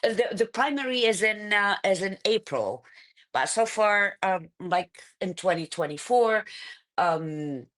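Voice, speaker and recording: A middle-aged woman with an Iraqi Arabic accent, a political candidate talking in an interview, animated, with frequent fillers and quick laughs. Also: mid-range voice. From Iraq. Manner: animated, laughs often, many fillers and restarts. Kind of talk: conversational interview.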